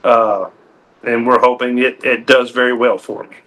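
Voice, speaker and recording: A man's voice: medium pitch, fairly even intonation, normal speed, a bit bright. A man, a game warden telling a personal story in a TV interview, folksy and earnest with frequent restarts.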